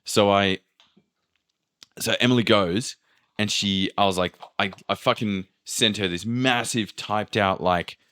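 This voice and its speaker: A man's voice: on the low side, a little slow, smooth. A man hosting a podcast, telling a travel story in casual chat, swearing freely and acting out what people said. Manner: animated, swears freely, acts out quotes. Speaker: podcast host.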